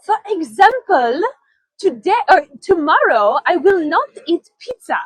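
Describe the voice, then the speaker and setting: A woman putting on a high, breezy French cafe lady. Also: very animated, unhurried, no room sound, full character voice, low-quality recording.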